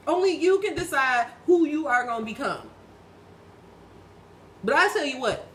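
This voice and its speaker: A woman's voice: sits high, expressive, normal speed, fairly bright tone, a little hiss or hum, rough recording. Blunt, fired-up woman in her thirties. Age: 30s. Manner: emphatic, blunt, heavy swearing; preachy, talks straight to the listener. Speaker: tarot reader. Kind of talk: spiritual pep talk to viewers.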